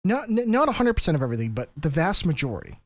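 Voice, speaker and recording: A man's voice: on the high side, big pitch swings, rapid-fire, no room sound. Man explaining history on a podcast. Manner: explanatory, lecturing with frequent restarts. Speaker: podcast host. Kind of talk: casual podcast discussion.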